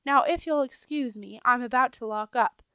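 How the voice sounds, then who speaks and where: A woman's voice: fairly high pitch, moderate pace, a bit bright, smooth, dry recording. A woman voicing an elderly, portly male rat who runs a message office, flustered and apologetic with a stammer. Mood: fussy.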